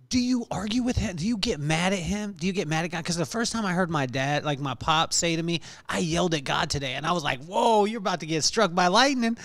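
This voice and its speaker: A man's voice: high-pitched, no echo. A man hosting a podcast interview, asking playful, joking questions. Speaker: podcast host.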